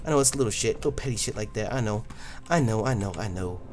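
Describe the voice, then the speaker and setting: A man hosting a let's play, commenting loudly and profanely, often yelling at the game. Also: lowish voice, quick pace, soft background music. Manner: loud, profane, excitable, yells at the game. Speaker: gaming channel host.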